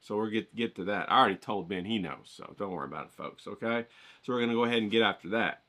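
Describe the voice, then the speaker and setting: A man's voice: lowish voice, very animated, fast talker, fairly bright tone. A man hosting an art vlog, rambling and joking in a folksy, casual way. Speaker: art channel host. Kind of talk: casual vlog talk with drawing tips.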